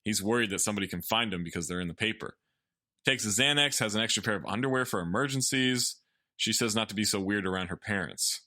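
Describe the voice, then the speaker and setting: A man's voice: on the low side, fast talker, bright, forceful tone, no room sound, studio quality. A man co-hosting a podcast, casually recapping a film's plot with profanity and laughter. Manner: loose, profane, laughs while summarizing plot. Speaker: podcast co-host recapping a film. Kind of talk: casual chat.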